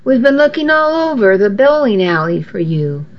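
A woman's voice: on the high side, very animated, moderate pace. A woman voicing a concerned male care worker in a storybook reading, on a dull lo-fi recording. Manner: worried, questioning. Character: concerned male group-home staffer.

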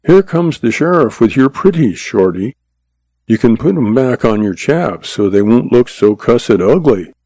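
A man's voice: mid-range voice, lively intonation, unhurried, warm tone, no room sound. A man voicing a cocky cowboy puncher who drawls and mocks his enemies. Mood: commanding. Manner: drawling, mocking.

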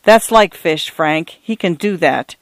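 A man's voice: fairly high pitch, animated, unhurried, no echo. A man doing a weary, curt priest. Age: 50s. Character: weary sour older male priest.

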